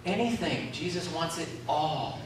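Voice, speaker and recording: A man's voice: on the high side, lively intonation, measured pace, slight background noise. A man preaching a sermon, calling out questions to the congregation. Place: community centre hall. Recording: echoey hall from far off.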